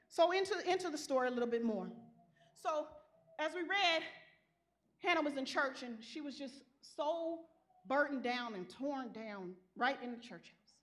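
A female preacher gives a passionate sermon, moving between quiet, low stretches and loud, climbing appeals.

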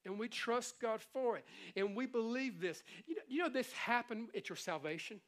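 A middle-aged man delivers a sermon with a notably high-pitched voice. His preaching is animated and conversational. He slips easily into playful impressions to make his points. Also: moderate pace. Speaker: pastor.

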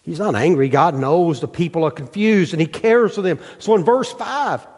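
A man's voice: a little high, normal speed, a little mellow. A male pastor preaching a sermon, putting rhetorical questions to his congregation. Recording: long hall reverb.

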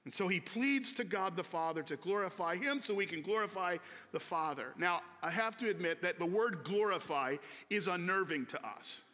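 A man, a pastor, preaching a sermon slowly and earnestly with emphatic repetition, in a church sanctuary. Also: high-pitched, animated, bright, forceful tone. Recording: long reverb of a large hall.

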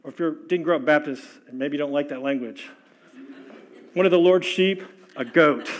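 An older man preaching a sermon as pastor, impassioned, swinging between loud exhortation and hushed, soft lines. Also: on the high side, normal speed.

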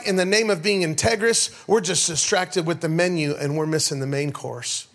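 Man, pastor, middle-aged, sermon, slightly high voice, call-and-response with the crowd. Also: a bit bright. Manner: storytelling, call-and-response with the congregation. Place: church sanctuary.

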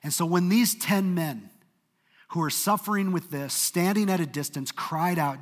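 Pastor guy preaching, a bit high voice, earnest storytelling, long echo like a big hall. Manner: earnest storytelling, swings from brisk to hushed. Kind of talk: sermon.

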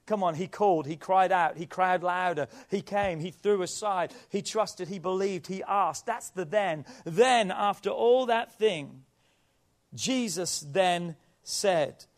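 A man's voice: high voice, slow. A man pastor preaching a sermon, asking rhetorical questions and drawing out repeated phrases.

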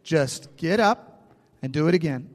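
A man's voice: on the high side, lively intonation, unhurried, big-room sound. A man preaching a sermon in a conversational way, often restarting phrases and checking in with his listeners. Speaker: pastor.

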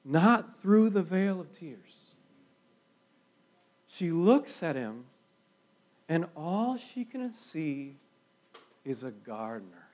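A man with a high voice delivers a sermon at an unhurried pace. He leans hard on key words and lets long pauses hang. Often his voice falls to a near hush at the end of a thought. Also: very animated. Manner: slow, emphatic preaching with dramatic pauses and sudden quiet drops. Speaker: pastor.

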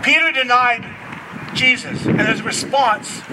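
Man, pastor, high bright voice, animated storytelling sermon, heard from a distance with faint noise. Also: slow. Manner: animated, acts out voices in his stories.

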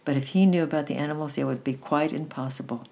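A woman reading a children's book aloud in a gentle, unhurried way, with small restarts. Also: low voice, gravelly. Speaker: storyteller.

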